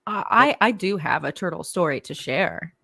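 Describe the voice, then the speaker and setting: Co-host, woman from Indiana, slightly low voice, easygoing banter. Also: lively intonation, normal speed, background noise. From Indiana, USA. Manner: chatty, laughs often. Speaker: podcast co-host. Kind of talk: casual podcast chat.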